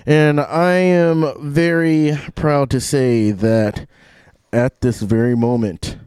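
A man's voice: medium pitch, fairly even intonation, slow, darkish tone, clean tone, no room sound, clean studio sound. A man hosting a radio show in casual chat, rambling and restarting his sentences, laughing often and a little loopy. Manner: self-described mildly loopy. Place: radio studio. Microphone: studio microphone.

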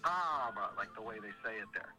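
A man's voice: on the high side, expressive, fast, loud music behind the voice, poor audio. A man calling in to a radio show, playful and teasing as he runs a guessing game. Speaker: caller doing impressions. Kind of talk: casual radio call-in.

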